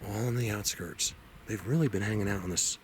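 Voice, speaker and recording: Male outdoor vlogger, excitable and chatty, hand-held camera mic, clear wind and outdoor noise. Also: brisk. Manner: excitable, talks to animals in a high baby voice, drops to hushed tones. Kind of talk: casual walking vlog. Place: outdoors on a trail.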